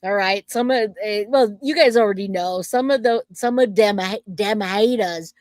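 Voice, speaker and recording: A woman's voice: medium pitch, normal speed, darkish tone, dry recording. A woman hosting a true crime livestream, chatting loosely with her viewers and reading comments aloud. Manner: loose and chatty, self-interrupting, laughs easily.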